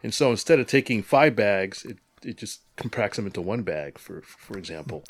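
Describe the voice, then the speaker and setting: A man co-hosting a hobby podcast, chatting casually, animated and joking with frequent laughs. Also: fairly low pitch, normal speed, dry recording. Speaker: podcast co-host. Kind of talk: casual chat.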